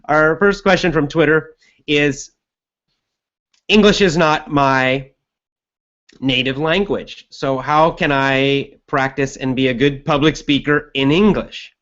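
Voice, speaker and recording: A man hosting a live show, answering viewer questions in an energetic coaching tone with occasional laughs. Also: on the high side, slow pace, lo-fi sound. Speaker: host.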